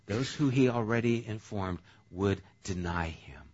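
A male pastor preaching a sermon in a conversational, animated way. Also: lowish voice, unhurried, dull audio.

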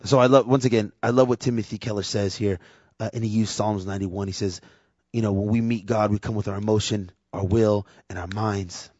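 This man, a preacher and worship leader, speaks briskly in a low voice, sermonizing candidly and conversationally while performing little quotes in animated voices. There is no echo, and the lo-fi sound is dull and dry.

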